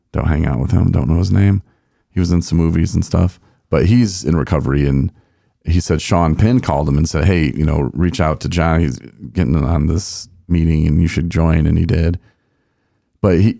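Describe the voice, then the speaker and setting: A man's voice: low voice, vocal fry, dark tone, dry recording, studio quality. A man hosting a podcast, telling a story in a rambling, folksy way with many fillers. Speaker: podcast host. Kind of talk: casual storytelling chat.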